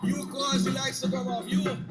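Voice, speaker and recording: A man's voice: very high voice, normal speed, roomy sound. A man giving chatty live commentary on a stage show, talking to the crowd. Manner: lively, chatty, addresses the crowd. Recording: loud music over the voice. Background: loud live music.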